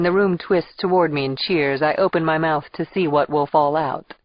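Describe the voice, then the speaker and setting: A woman narrating a thriller audiobook in the first person, with a measured, expressive reading. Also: deep voice, no room sound, lo-fi sound.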